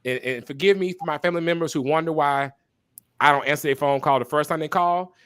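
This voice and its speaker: A man speaking as a podcast guest and minister, talking candidly and passionately, repeating phrases for emphasis like a preacher and pausing to apologize for talking so long. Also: fairly high pitch, a bit bright, smooth. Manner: apologetic asides to listeners. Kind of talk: candid conversational testimony.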